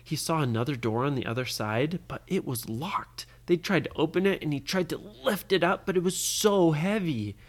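A parent improvising a bedtime story for a child, expressive and pausing to ask the listener questions. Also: mid-range voice.

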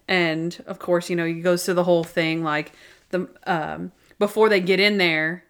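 A chatty woman talks casually as a podcast co-host, walking through favorite moments from a TV show. She keeps it loose and conversational, breaking into quick quoted lines from the scenes she describes. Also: fairly low pitch, steady tone, fairly bright tone, smooth. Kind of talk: casual chat recapping a TV show.

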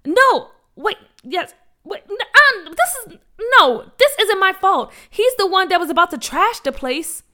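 Woman playing a loud, excitable bossy girl. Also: very high-pitched, pitched above the performer's own voice, full character voice. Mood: flustered. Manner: loud, exclamatory, rushing.

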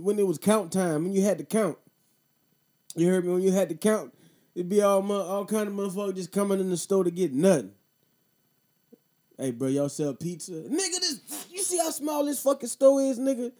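In this clip, a podcast host in his thirties speaks in a high-pitched, brisk, warm voice. Running a casual show, he tells a profane, slang-heavy story before moving on to the subject of voting.

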